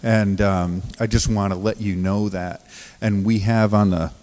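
A man preaching in a church sanctuary with a low voice and an unhurried, deliberate pace. He talks in halting bursts, restarts his sentences and often laughs through his stories. The hall gives his voice a long, ringing reverb. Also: fairly even intonation, darkish tone. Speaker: pastor of a recovery ministry. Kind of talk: sermon with storytelling.

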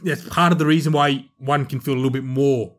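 A man co-hosting a film podcast, talking in an animated, rambling way with strong emphasis. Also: medium pitch, a little fast. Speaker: podcast co-host, film reviewer. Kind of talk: casual chat.

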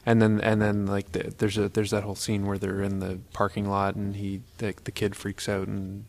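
A man's voice: fairly low pitch, monotone, moderate pace. A man from English-speaking Canada co-hosting a casual film podcast, stammering and repeating words as he talks. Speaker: podcast co-host.

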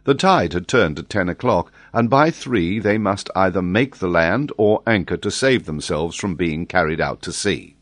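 A man narrating an audiobook in an expressive, varied reading voice. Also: low voice, moderate pace, few pauses, no room sound.

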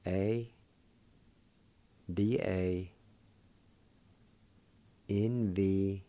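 Brief Male radio language instructor, patient and encouraging, unhurried delivery, mellow low voice, dry close sound. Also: steady tone, dry recording. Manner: patient, spells words out letter by letter and syllable by syllable; encouraging toward learners. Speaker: radio host teaching Cherokee words.

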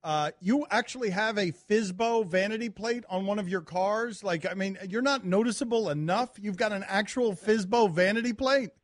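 A man's voice: high-pitched, dry recording. A man hosting a sports radio show, bantering playfully and teasing his guest. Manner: playful, quick teasing delivery.

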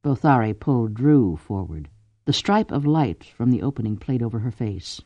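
A man narrating an audiobook in a measured, deliberate storytelling manner. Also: mid-range voice, lively intonation, no room sound, dull audio. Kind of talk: scripted narration.

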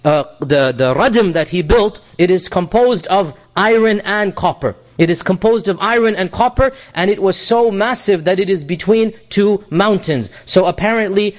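High-voiced man teaching Quran commentary. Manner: explanatory, repeats points, frequent "uh" fillers; recites Arabic verses quickly. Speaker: Islamic teacher.

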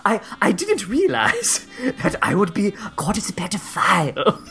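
A man voicing a fawning, apologetic British gentleman in a put-on British accent, stammering and grovelling. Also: high-pitched, huge pitch swings, measured pace, vocal fry, faint music behind, heavily acted.

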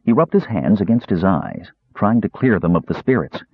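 A man narrating a fantasy novel in an expressive storytelling way. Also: low voice, normal speed, slightly rough, dry recording. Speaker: audiobook narrator. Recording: dull lo-fi recording.

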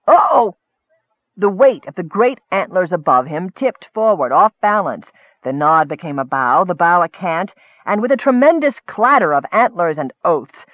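A man narrating a comic fantasy story in a lively storytelling manner. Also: sits high, normal speed, no room sound, phone-quality sound. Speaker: audiobook narrator. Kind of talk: scripted narration.

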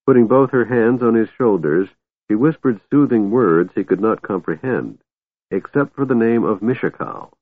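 A man narrating a fantasy novel in a steady, measured way, recorded dry with a narrow phone-like sound. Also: fairly low pitch, no echo. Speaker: audiobook narrator.

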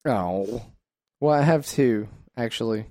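Man, podcast co-host, mid pitch, goofy, playful, dry close sound. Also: mellow, dry recording. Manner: goofy, playful, drawn-out silly voices. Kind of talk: casual comedic chat.

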